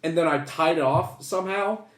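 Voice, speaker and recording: Young male host, high voice, lively story-teller, echoey room. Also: normal speed. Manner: animated, swearing, acts out voices in anecdotes. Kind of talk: casual storytelling chat.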